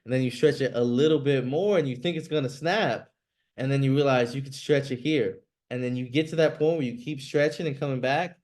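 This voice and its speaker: A man's voice: medium pitch, fairly quick, darkish tone. A man coaching a group over a video call, direct and blunt, with casual swearing and lots of "like" as filler. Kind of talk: motivational coaching talk.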